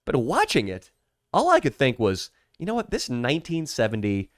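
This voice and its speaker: A man's voice: mid-range voice, huge pitch swings, moderate pace, no echo, studio quality. Sardonic man riffing on a podcast. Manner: sardonic, crude, mock-grand riffs. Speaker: podcast co-host. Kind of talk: casual podcast banter.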